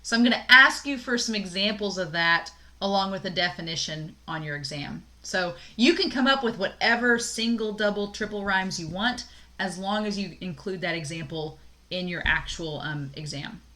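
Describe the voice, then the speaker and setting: Bright-voiced woman teaching a poetry lecture. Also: medium pitch, normal speed. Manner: casual, explanatory, frequent "um" fillers and light laughs. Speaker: college English instructor. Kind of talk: recorded online lecture.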